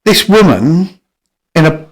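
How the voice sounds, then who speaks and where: A man's voice: a little high, sing-song, slow. A middle-aged man telling rambling, sweary stories in a casual podcast chat, full of restarts.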